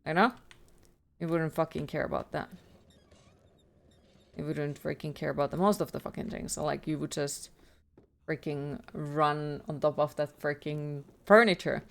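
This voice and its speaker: A woman's voice: sits low, steady tone, moderate pace, gravelly, pauses often. Profane ranting woman streamer. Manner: ranting, heavily profane, exasperated. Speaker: livestreamer playing a horror game. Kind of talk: live gameplay commentary.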